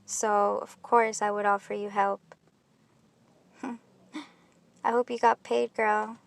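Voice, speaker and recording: A woman's voice: mid-range voice, level tone, slow, creaky. A woman commenting on clips in a reaction video, talking in an accusatory, rambling and scornful way. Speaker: YouTube commentator.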